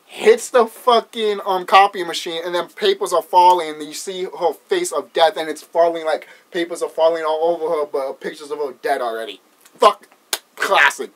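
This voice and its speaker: A man's voice: fairly high pitch, fairly bright tone. A man casually retelling a horror movie's plot, rambling, swearing often and laughing as he goes. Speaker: movie reviewer.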